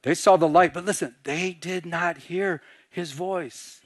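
A man with a fairly high voice preaches with animation, dropping into hushed voices as he acts out little scenes. The sound is dry and close, with no room around it. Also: steady tone, unhurried, no room sound. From Michigan. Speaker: pastor. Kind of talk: sermon.

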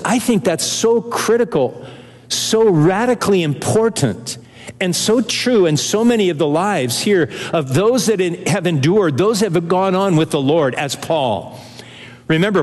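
An older man preaches with earnest conviction, his pace rising and easing as he works through the text. His voice sits a little high for a man, and his words ring out in a church with a long reverb trailing behind them. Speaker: pastor. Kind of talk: sermon.

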